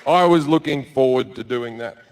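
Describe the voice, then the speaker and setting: A man doing crude, deadpan stand-up storytelling on stage with a handheld mic. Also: medium pitch, normal speed, background noise. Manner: crude, deadpan storytelling with sudden loud bursts. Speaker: stand-up comedian. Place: stage before a live audience.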